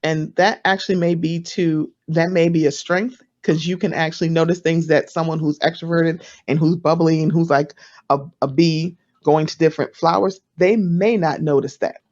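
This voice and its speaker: A chatty woman on a panel gives casual advice in a fairly low voice. She acts out other people's lines with leaps up in pitch. The sound is dull and lo-fi, like an online call. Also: steady tone, normal speed, a little mellow.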